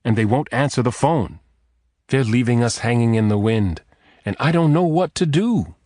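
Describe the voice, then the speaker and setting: A man's voice: medium pitch, expressive, normal speed, a little mellow, no echo, clean studio sound, pitched above the performer's own voice, lightly acted. A man voicing a desperate, grieving father who speaks in a tense, choked way. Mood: bitter anguish.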